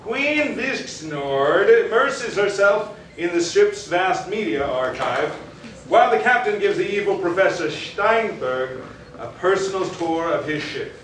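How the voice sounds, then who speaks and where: A man's voice: sits high, animated, measured pace, a bit bright, slight background noise. A man narrating scenes of a live sci-fi spoof on stage with a mock-dramatic storyteller's manner. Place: small theater stage. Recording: very echoey theater, distant mic.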